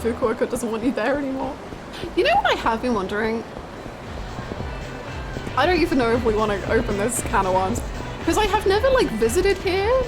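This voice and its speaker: Young woman, live game stream, playful, theatrical, lively swooping pitch, slightly high voice, game music behind. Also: brisk, long pauses. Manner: playful and theatrical, swinging into mock drama. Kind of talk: casual live gameplay commentary.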